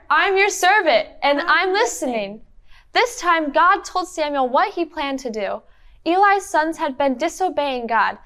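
A woman narrating a Bible story for children in a clear, encouraging teacher tone. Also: high-pitched, fairly bright tone. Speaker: children's Bible lesson leader. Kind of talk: interactive Bible storytelling for kids.

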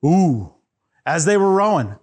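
Lively high-voiced man telling kids a Bible story. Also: a little slow. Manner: animated, asks kids to join in with actions. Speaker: children's Bible teacher.

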